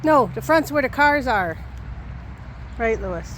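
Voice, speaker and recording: A woman's voice: a little high, expressive, unhurried, a bit bright, a little hiss or hum. A woman talking in coaxing, affectionate baby talk to her puppy and parrot while walking outdoors, recorded on a handheld phone. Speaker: pet owner vlogger. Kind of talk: casual talk to her pets. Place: outdoors on a walk.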